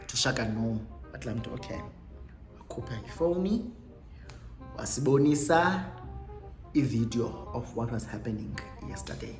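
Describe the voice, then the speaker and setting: A woman's voice: a bass voice, animated, moderate pace, pauses often, darkish tone. A young South African woman tells a dramatic story straight to camera, switching freely between Xhosa and English and acting out each quoted line. Her voice bounces around a roomy, echoey space, and faint music plays underneath. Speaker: vlogger. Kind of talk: storytime monologue.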